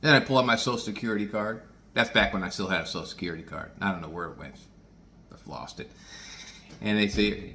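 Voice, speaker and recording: A man's voice: on the low side, fast, pushed and bright, slight background noise. A man in his sixties telling rambling personal stories to his viewers, folksy and digressive, swearing casually. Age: 60s. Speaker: vlogger.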